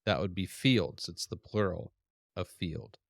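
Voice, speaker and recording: A man teaching a language lesson, patiently pronouncing vocabulary words and repeating each one slowly. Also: sits low, gravelly, no echo, clean studio sound. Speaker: Hebrew teacher. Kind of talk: classroom lesson.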